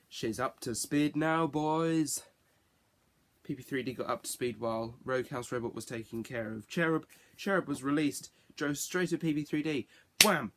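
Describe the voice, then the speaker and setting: A man giving a casual spoken review, rambling and correcting himself as he goes. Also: mid-range voice. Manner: rambling, self-correcting, chatty. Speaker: TV show reviewer.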